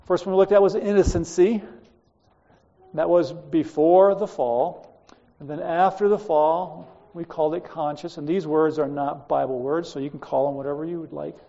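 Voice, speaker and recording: A man's voice: fairly high pitch, creaky, mellow, lo-fi sound. A man teaching a Bible class, lecturing and telling stories from his school days to students, speaking to them directly in a chatty way.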